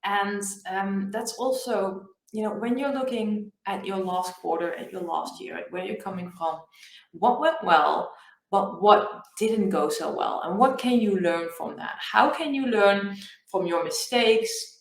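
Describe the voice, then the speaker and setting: A woman's voice: mid-range voice, unhurried, creaky, roomy sound, low-quality recording. A woman co-hosting a business podcast, chatting casually with a lot of restarts. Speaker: podcast co-host.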